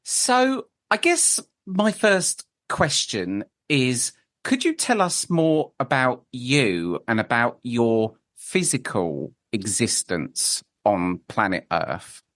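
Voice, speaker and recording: A man hosts a podcast interview and asks his questions politely, often stumbling over his words. His pitch moves around a lot, rising and falling as he talks. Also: big pitch swings, takes it slowly, hardly any pauses, fairly bright tone. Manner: hesitant, polite, with fillers and restarts. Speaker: podcast host.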